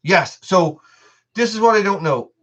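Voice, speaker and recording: A man's voice: sits high, lively intonation, a little slow, a bit bright. Rambling man on a lo-fi live stream. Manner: rambling, many restarts, talks to his dog. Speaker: livestream host. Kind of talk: casual live chat with viewers.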